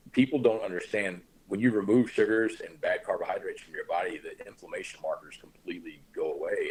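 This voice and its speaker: A man's voice: sits low, a little hiss or hum, rough recording. A man hosting a casual podcast chat, giving laid-back, coach-like advice full of slang. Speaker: podcast host.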